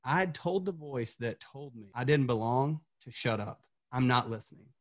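A man's voice: medium pitch, expressive, normal speed. A man from Tennessee, a former coach, telling an earnest motivational story as a podcast guest, repeating words when fired up.

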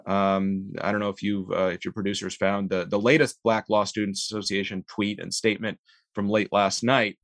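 Measured man guest with lots of uhs. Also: lowish voice, level tone, a bit bright, no room sound. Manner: measured, many ums and uhs, wry. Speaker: interview guest, law school lecturer. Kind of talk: casual interview chat.

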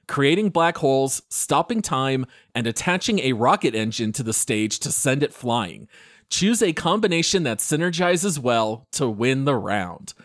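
A man's voice: mid-range voice, a bit bright, no room sound, studio quality. A man hosting a gaming podcast in casual chat, upbeat and joking as he introduces his co-hosts. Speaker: podcast host.

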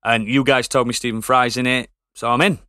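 A man co-hosts a relaxed gaming podcast, chatting loosely and laughing between thoughts. His voice is bright and forward. The sound is dry and close. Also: mid-range voice, brisk, no room sound. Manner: laughs often, stammers into restarts. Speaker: podcast co-host. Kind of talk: casual chat.

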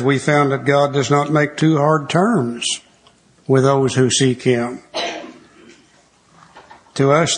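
Older man, earnest and husky. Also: mid-range voice. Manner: earnest, repeats refrains, reads text aloud. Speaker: recovery speaker. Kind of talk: teaching talk on a recovery book.

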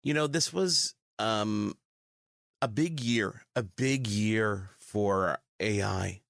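Canadian tech guy guesting, low voice, measured explaining, dry close mic. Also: gravelly, a bit bright, dry recording. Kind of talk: casual interview chat.

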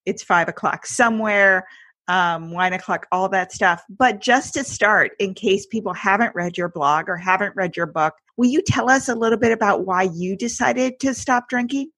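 A woman's voice: mid-range voice, normal speed, few pauses, fairly bright tone, no echo. A woman hosting a podcast interview, chatty and enthusiastic as she introduces and questions her guest. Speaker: podcast host.

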